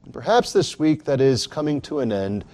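A man's voice: mid-range voice, sing-song, moderate pace, a little mellow. A man preaching a sermon in an earnest, emphatic way, rising dramatically on key lines.

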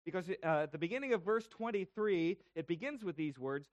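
Male pastor, sermon delivery, high pitch, explanatory and questioning, dry recording. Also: animated, fairly quick, dry recording. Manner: explanatory, asks rhetorical questions.

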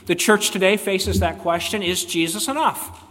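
A man's voice: high-pitched, moderate pace, fairly bright tone. A man preaching a sermon as a pastor, emphatic and fond of rhetorical questions put to his congregation. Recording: long hall reverb.

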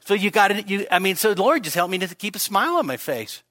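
A man's voice: high voice, very animated, fast, sharp tone, no room sound, studio quality. A man preaching an expository sermon in a church service, candid and self-deprecating, with joking asides. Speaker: pastor.

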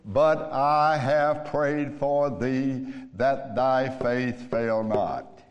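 Preacher voicing a calm gentle teacher talking to his followers, slow and even, echoey hall. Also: mid-range voice, highs cut off. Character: gentle, calm male teacher speaking to disciples.

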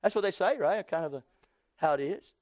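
A man in his sixties preaching a sermon, slowing down for emphasis and breaking into loud acted quotes. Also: fairly high pitch, no room sound, studio quality.

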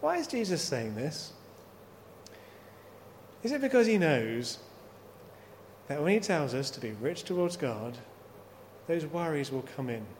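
A man's voice: a little high, big pitch swings, measured pace, long pauses. A man preaching a sermon, working through scripture with repeated rhetorical questions. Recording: long hall reverb, faint noise.

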